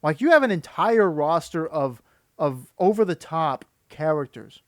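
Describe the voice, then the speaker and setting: A man's voice: on the high side, lively intonation, a little slow, dry recording, clean studio sound. A man giving critical, exasperated reaction commentary that rambles and restarts. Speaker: video commentator.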